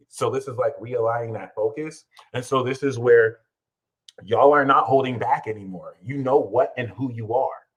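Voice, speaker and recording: An American man hosting an astrology livestream, talking in an emphatic, slangy way and breaking into loud, heated rants. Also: medium pitch, moderate pace, husky, poor audio. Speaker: astrologer and channel host. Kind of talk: animated livestream astrology talk.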